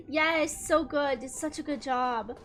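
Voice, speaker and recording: Giggly young woman, super high pitch, slow talker, gushes over a game. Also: slight background noise. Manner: giggly, excitable, gushing. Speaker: gaming streamer. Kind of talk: casual let's-play chat. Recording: commentary over game music.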